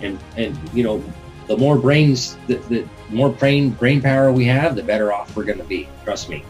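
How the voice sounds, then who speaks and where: A man's voice: mid-range voice, moderate pace, darkish tone, soft background music, poor audio. Rambling male call-in show host. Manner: rambling, earnest, preachy. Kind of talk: casual call-in talk show.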